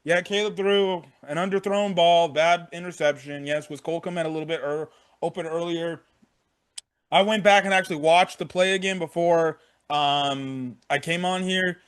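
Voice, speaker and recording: A man's voice: high voice, a bit bright, clean tone. A young man giving a frank, profane game recap in casual talk, often repeating himself. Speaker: sports fan vlogger.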